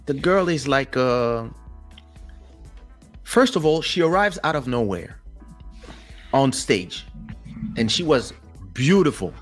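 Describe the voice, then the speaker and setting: A man's voice: mid-range voice, takes it slowly, long pauses, faint music behind. A man whose first language is French, a podcast co-host in casual chat, telling stories animatedly and acting out other people's lines. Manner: animated storyteller who acts out other people's voices.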